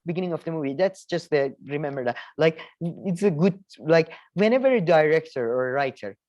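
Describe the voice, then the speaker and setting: A man co-hosting a casual film review chat, rambling with many restarts and animated asides. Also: fairly high pitch, a little fast, no room sound, muffled recording. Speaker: co-host.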